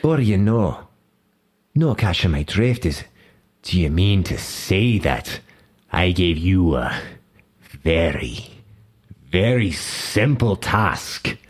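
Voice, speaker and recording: A man voicing a menacing male Scottish crime boss in a tabletop game, with a put-on Scottish accent and soft, threatening whispers. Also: deep voice, sing-song, takes it slowly, long pauses, husky, heavily acted. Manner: softly menacing, drops into whispers. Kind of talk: tabletop role-play character voice.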